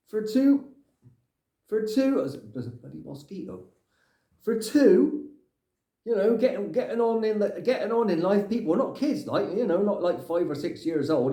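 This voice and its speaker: A man's voice: high voice, mellow. A man playing a grumpy older Englishman who rambles and rants in a comic monologue, tagging his lines with "right?". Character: grumpy older Englishman ranting about clutter. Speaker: comic character. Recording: echoey room.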